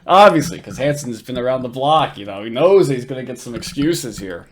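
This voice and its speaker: Guy ranting over clips, lively voice that jumps around, swears a ton, keeps rambling. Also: mid-range voice, fairly quick. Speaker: commentary host. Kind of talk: casual reaction commentary.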